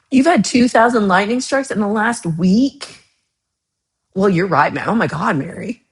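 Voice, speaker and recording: A woman's voice: medium pitch, a little slow, long pauses. A woman from Texas hosting a casual livestream, chatting with viewers in a chatty, teasing way with playful outrage. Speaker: livestream host.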